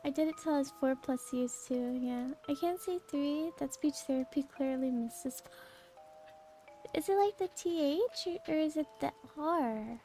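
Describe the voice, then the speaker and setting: A woman's voice: high-pitched, normal speed, dark tone, faint music behind. A young woman streamer chatting casually and rambling, laughing often and answering chat.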